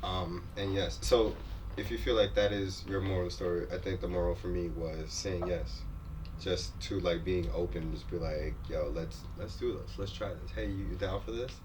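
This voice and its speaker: A man with a fairly low voice chats on a podcast in a relaxed, teasing way. He sits a little back from the microphone in a studio, and faint noise runs beneath his voice. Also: moderate pace, distant mic. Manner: playful, teasing, laughs easily. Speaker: podcast co-host. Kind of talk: casual chat. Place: recording studio.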